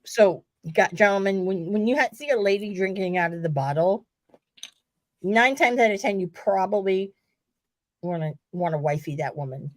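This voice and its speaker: A woman hosting a casual podcast, excitedly retelling a story and swearing freely. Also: medium pitch, moderate pace, no room sound. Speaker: podcast host.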